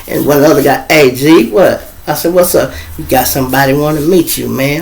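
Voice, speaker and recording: A man's voice: a little high, moderate pace, creaky, hardly any pauses, slight background noise. A middle-aged man with a Chicago accent, hosting his show and telling loose, joking stories in raw street talk. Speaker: show host. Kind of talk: casual storytelling monologue.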